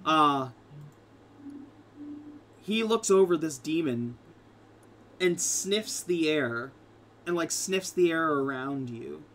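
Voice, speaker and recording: A man's voice: a little high, animated, takes it slowly, long pauses, fairly bright tone, a little hiss or hum. A man narrating as game master in a casual, rambling way with frequent fillers and restarts.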